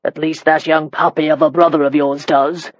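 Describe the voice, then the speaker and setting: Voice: mid-range voice, level tone, normal speed, no echo, dull audio, lightly acted. A reader voicing a blunt, commanding elderly marquis in an audiobook. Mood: gruff. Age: older. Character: gruff elderly male marquis, imperious and sharp-tongued. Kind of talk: audiobook character reading.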